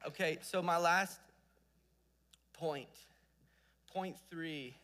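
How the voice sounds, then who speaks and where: A young man preaching a sermon with passion, swinging between loud exhortation and hushed storytelling. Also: a little high, drawn-out words.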